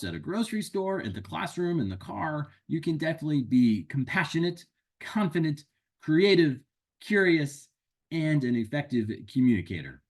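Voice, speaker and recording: A man hosting an upbeat, encouraging advice talk for parents and teachers, walking through a list of tips. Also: mid-range voice. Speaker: educational consultant and host.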